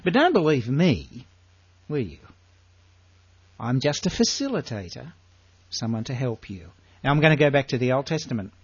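Animated older Australian preacher. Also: male voice, mid-range voice, slightly rough, dry recording, muffled recording. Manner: animated, rhetorical questions, drawn-out emphasis. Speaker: Bible teacher. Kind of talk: sermon.

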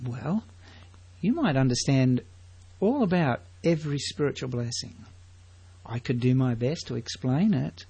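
Husky, slow-preaching man. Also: mid-range voice, animated, mellow. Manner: emphatic, full of rhetorical questions to the congregation. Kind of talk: sermon.

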